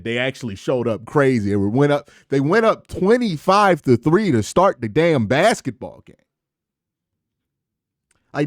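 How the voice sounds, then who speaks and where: A man giving an excited, slangy reaction to a basketball game, with animated emphasis and sound effects. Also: mid-range voice, no echo, clean studio sound. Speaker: sports commentator vlogger. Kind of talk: excited casual sports reaction.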